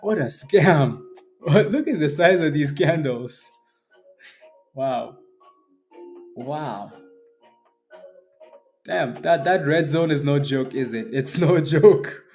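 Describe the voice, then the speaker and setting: A man's voice: fairly high pitch, expressive, slow, pauses often, darkish tone, faint music behind. A man hosting a live day trading stream, chatting casually, laughing often and answering viewers by name. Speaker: day trading livestream host.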